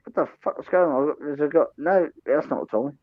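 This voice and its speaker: A British man, a tipsy, sweary live stream co-host, talking loud and ranting in a boozy late-night chat. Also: fairly high pitch, normal speed, dry recording, phone-quality sound.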